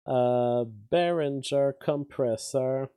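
A man on his YouTube channel chats about politics in a loose, rambling way with frequent fillers and restarts, pausing to read chat comments. His voice is medium in pitch, slow, mellow, clear and resonant. He records in his home studio on a studio mic with outboard gear, with no room sound.

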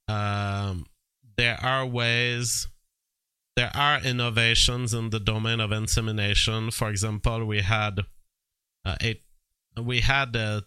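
A man giving casual commentary and reading text aloud from a screen, halting and full of fillers, with bursts of disbelief. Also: fairly low pitch, sharp tone, clear, resonant tone, no echo.

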